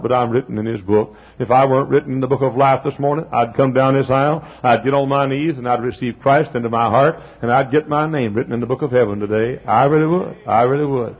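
An older male preacher with a husky, slightly breathy voice, working a sermon in a folksy way. He swells up to near-shouted peaks, then drops to quiet, close asides. The recording is dull and lo-fi, like an old sermon tape. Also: medium pitch, fairly even intonation, a little fast, few pauses. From Texas.

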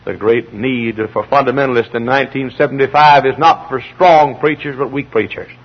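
A man pastor preaching a fiery sermon. He swings from shouted peaks to hushed, slow pleas. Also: medium pitch. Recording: dull lo-fi archival sermon tape.

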